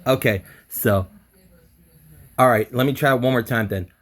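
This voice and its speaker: A man takes an online language lesson, talking through the rules to himself and saying new words over and over to practice. His voice sits at a middle pitch for a man. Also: normal speed. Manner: thinks aloud, repeats words to practice. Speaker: language student.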